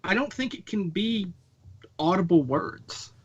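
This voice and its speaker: An emphatic man with a slightly high voice, joining a casual chat over a video call. His audio comes through muffled and dull. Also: lively intonation, a little slow, slightly rough.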